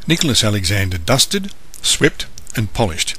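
A man reading a bedtime story aloud, gentle and measured. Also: fairly low pitch, animated, breathy edge.

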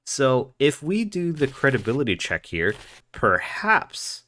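A man hosting a let's play, thinking aloud about his choices in a relaxed, musing way. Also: medium pitch, a little slow. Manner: musing, thinking aloud, with fillers and little laughs. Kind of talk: casual gameplay commentary. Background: game music.

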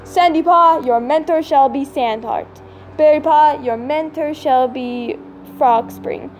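A woman voicing a cat clan leader in a storybook reading, announcing apprentice names in a formal, measured way. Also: sits high, a little mellow, soft background music. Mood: solemn.

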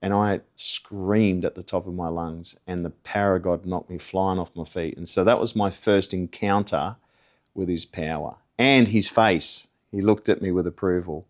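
A man's voice: deep voice, fairly even intonation, moderate pace. A middle-aged man gives a personal testimony, telling his story in an earnest, conversational way. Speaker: testimony guest.

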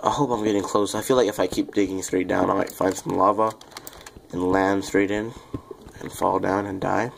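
A young man rambling through casual game commentary, self-deprecating and chatty with viewers, with a quiet voice that sounds off the mic. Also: low-pitched, level tone, moderate pace, creaky, a little hiss or hum. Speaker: gaming YouTuber. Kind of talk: casual Let's Play commentary.

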